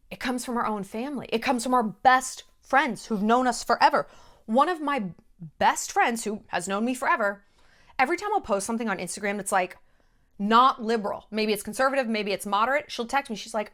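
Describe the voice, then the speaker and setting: A woman's voice: a little high, fairly bright tone. A woman hosting her own vlog, talking straight to camera in a blunt, emphatic way, swearing freely and hammering her points with short repeated phrases. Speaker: vlogger host. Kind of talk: direct-to-camera monologue.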